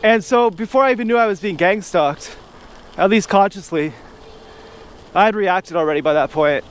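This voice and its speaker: A man vlogging while he rides an ebike along outdoor trails, telling a meandering, drawn-out story in a calm, stoned manner. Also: high-pitched, a little hiss or hum. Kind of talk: rambling monologue while riding. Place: outdoors on nature trails by a river. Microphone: camera on an ebike.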